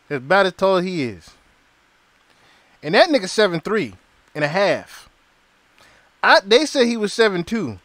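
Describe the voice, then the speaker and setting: Animated, high-voiced male podcast host. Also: dry recording. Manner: animated, profane, storytelling, acts out quotes. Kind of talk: casual podcast commentary.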